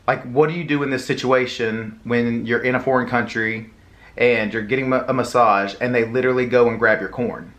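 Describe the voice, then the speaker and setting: A young man with a Southern drawl, chatting to his viewers in a loose, meandering way. His voice sits at an ordinary middle pitch, and he keeps circling back with "like" and half-finished phrases. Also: fairly even intonation, fairly quick, fairly bright tone. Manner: rambling, many fillers and restarts. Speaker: mukbang vlogger. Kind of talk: casual storytelling.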